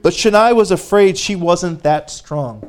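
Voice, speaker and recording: A man preaching a sermon, reading a story aloud and pausing to speak directly to his congregation, growing fervent. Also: high voice.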